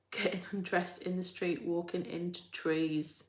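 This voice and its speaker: A woman's voice: lowish voice, fairly even intonation, measured pace. A woman hosting a live chat, reading out viewer comments in a rambling, chatty way and laughing often. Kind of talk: casual chat. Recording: roomy echo.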